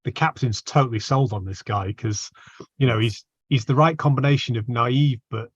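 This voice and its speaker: A man playing in a tabletop game, telling his character's story in an animated way. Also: medium pitch, moderate pace, slightly rough, no room sound, muffled recording. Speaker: player. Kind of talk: tabletop game play and chat.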